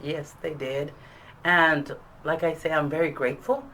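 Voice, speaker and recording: A woman who graduated from adult school, talking in a casual interview, soft-spoken and hesitant with many fillers. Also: low voice, fairly even intonation, measured pace, rough recording.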